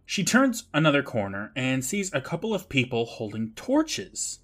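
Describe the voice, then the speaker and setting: A man's voice: medium pitch, huge pitch swings, moderate pace, a bit bright, soft background music. A man co-hosting a podcast, casually recapping an episode with lots of laughter and swearing, often mimicking the characters. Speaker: podcast co-host.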